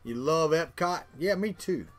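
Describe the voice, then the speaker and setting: A man's voice: a little high, lively intonation, unhurried, soft background music. A middle-aged man from Florida with a Southern accent, chatting casually with live viewers in a rambling way, repeating words and chuckling. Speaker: livestream host.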